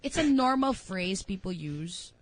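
A woman's voice: mid-range voice, animated, measured pace, a little hiss or hum, rough recording. A woman with a Filipino accent co-hosting a radio show in casual banter. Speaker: radio co-host.

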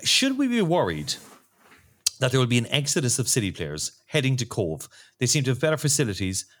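A man hosting a casual sports podcast, jokey and halting with lots of restarts. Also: mid-range voice, sing-song, a bit bright. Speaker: podcast host.

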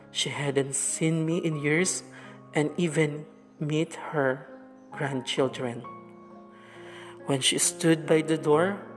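A woman reads a story aloud to a class, low-pitched and slow. The recording has a long reverb tail. Faint music plays underneath. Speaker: teacher.

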